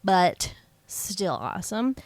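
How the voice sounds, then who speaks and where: A woman's voice: mid-range voice, sing-song, takes it slowly, no echo. A young woman co-hosting a podcast, chatting in an easygoing, giggly way. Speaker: podcast co-host. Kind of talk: casual chat.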